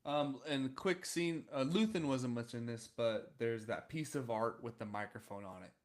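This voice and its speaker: A young man with a mid-range voice co-hosting a podcast. He recaps plots in a relaxed, chatty way and uses plenty of fillers. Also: mid-range voice, normal speed. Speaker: podcast co-host. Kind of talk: casual chat.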